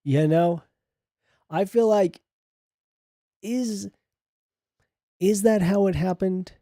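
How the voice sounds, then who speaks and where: A man's voice: high-pitched, very slow, warm tone, dry recording, clean studio sound. A man streamer reading online posts aloud and reacting with sarcastic remarks, frequent laughter and swearing.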